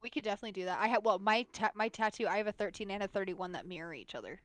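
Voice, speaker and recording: A woman co-hosting a podcast, chatting casually in quick relaxed replies. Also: medium pitch, no echo. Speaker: podcast co-host. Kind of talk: casual chat.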